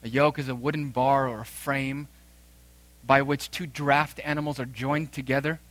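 Emphatic male preacher, bright dry voice. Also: mid-range voice, little pitch movement, no echo. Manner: emphatic preaching with dramatic pauses and swells. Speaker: pastor. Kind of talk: sermon.

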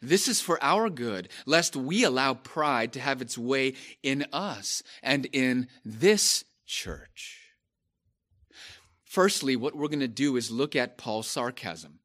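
A man preaching a sermon, slow and emphatic, repeating phrases and rising to stress key points. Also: medium pitch, animated, fairly bright tone.

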